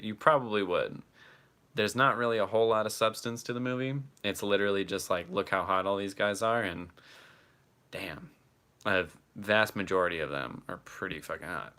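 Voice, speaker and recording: A man's voice: sits low, sharp tone. A man chatting casually on a live stream and answering his chat, laughing often and swearing freely.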